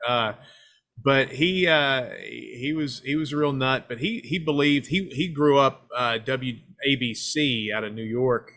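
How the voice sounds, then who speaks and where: A man's voice: mid-range voice, measured pace, a bit bright. A man from Knoxville, Tennessee, chatting as a podcast guest in a rambling, self-deprecating, joking way. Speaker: guest filmmaker. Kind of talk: casual interview chat.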